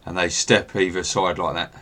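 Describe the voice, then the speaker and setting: A man narrating as game master in a tabletop game, relaxed and hesitant, with many fillers. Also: deep voice, normal speed, slight background noise.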